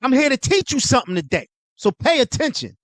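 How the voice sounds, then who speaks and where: A man's voice: extremely high pitch, big pitch swings, fairly quick, no echo, clean studio sound. A young adult man hosting his own show, lecturing in a blunt, profane, casual way. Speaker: host. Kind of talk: casual monologue.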